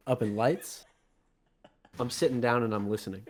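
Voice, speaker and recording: A young man co-hosting a music podcast, playful and excitable, laughing often in casual chat. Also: medium pitch, moderate pace. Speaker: podcast co-host.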